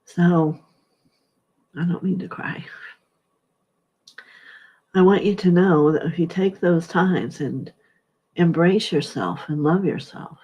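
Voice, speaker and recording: A middle-aged woman gives a heartfelt spiritual testimony, pausing often as she speaks. Her voice is husky and unhurried. The recording sounds dull and lo-fi. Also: deep voice. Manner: slow, halting, heartfelt, soft-spoken.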